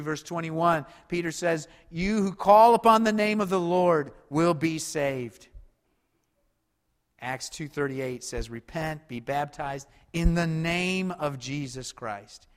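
High-voiced preacher in a reverberant hall. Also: male voice, a bit bright. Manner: preaching with rising emphasis and rhetorical questions. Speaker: pastor. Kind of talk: sermon.

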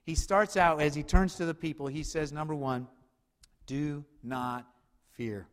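A man delivers a sermon in a high voice, pushing hard on key phrases and then dropping low and soft. His voice carries a long reverb, as if he is preaching in a large hall. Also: measured pace. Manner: animated, swings between loud urgency and low quiet emphasis. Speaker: pastor.

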